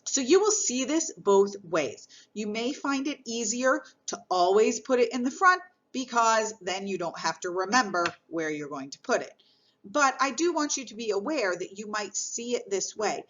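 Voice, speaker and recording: A woman's voice: fairly high pitch, animated, normal speed, fairly bright tone, highs cut off. A woman teaching a Spanish grammar lesson, explaining patiently step by step.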